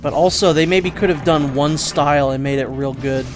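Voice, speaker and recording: A man's voice: on the high side, moderate pace. Exasperated man doing game commentary. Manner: exasperated, sarcastic. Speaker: let's play host. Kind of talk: gameplay commentary. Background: game music.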